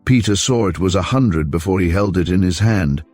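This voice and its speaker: A man reading a crime novel aloud in an even, measured way as audiobook narrator. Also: low-pitched, faint music behind. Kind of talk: scripted narration.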